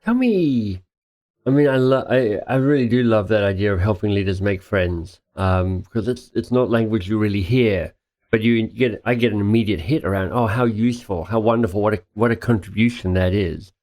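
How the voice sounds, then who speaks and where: A man hosting a podcast interview, enthusiastic and gushing, quick to laugh. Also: on the low side, darkish tone. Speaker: podcast host. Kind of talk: casual interview.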